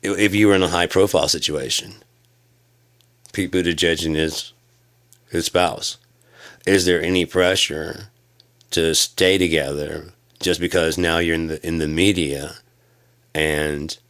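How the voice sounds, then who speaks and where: Vlogger, male, low voice; rambling, halting, profane rant. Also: fairly even intonation. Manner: profane, loud bursts of high-pitched exclamation; halting, many restarts and fillers.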